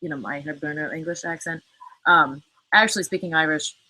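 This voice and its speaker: A woman's voice: low voice, a little fast, sharp tone, poor audio. A woman hosting a casual live chat, answering viewer comments in a rambling way full of fillers and cursing. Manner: chatty, fillers, frequent cursing. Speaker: livestream host.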